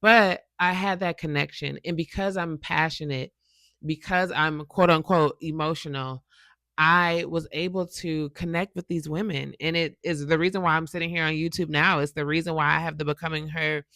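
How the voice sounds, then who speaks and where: A woman gives a casual motivational talk, chatty and animated, often checking in with her listeners. Her voice is bright and forward, with a gravelly fry underneath. The sound is close and dry, with little room in it. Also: low-pitched, moderate pace, no room sound. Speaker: motivational YouTuber and podcast host.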